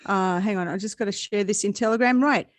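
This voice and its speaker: A woman's voice: mid-range voice, a little fast, no echo. A woman hosting a casual live-stream chat, rambling and laughing often. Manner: chatty, rambling, laughs a lot. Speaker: host.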